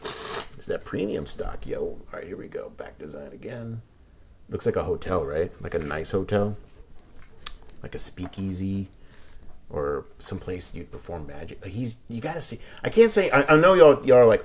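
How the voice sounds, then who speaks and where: A man's voice: low-pitched, lively intonation, moderate pace, a little mellow, slightly rough. A young man chatting casually in a rambling way while reviewing a deck of playing cards, with lots of fillers and restarts. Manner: drops to whispers while inspecting cards.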